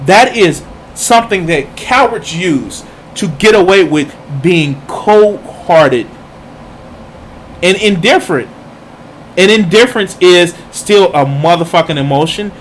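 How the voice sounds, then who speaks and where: A man delivers profane reaction commentary in a somewhat high voice. He is heated and mocking, cursing in nearly every line. A faint hiss sits behind him. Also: lively intonation, takes it slowly. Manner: heated, mocking, swears constantly. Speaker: streamer reacting to videos.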